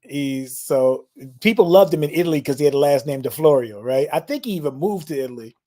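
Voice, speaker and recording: A man co-hosting a casual podcast, telling a story in a lively, laid-back way with plenty of slang. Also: a little high, fairly quick. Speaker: podcast co-host, musician.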